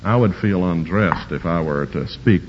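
A man's voice: sits low, moderate pace, slight background noise. A man preaching a sermon, emphatically repeating key words and explaining Greek grammar in a scholarly way. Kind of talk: sermon expounding scripture. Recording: dull lo-fi recording with long hall reverb.

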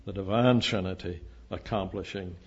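An older man preaching a sermon, lecturing emphatically and often rising to loud declamation. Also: low voice, steady tone, moderate pace, breathy edge. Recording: dull lo-fi recording.

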